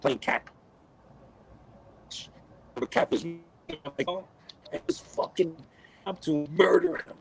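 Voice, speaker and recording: A middle-aged man, a podcast guest, telling stories in a casual, animated way, cursing freely and acting out what people said. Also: on the high side, takes it slowly, vocal fry, pauses often, breathy edge, low-quality recording. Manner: animated, swears a lot, acts out quotes. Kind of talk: casual storytelling.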